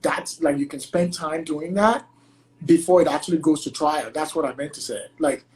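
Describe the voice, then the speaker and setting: A man's voice: a little high, normal speed, rough recording. Male guest attorney from Nigeria, casual interview chat, filler-heavy "like" delivery. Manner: chatty, heavy use of "like" as filler; acts out quoted exchanges in lively voices.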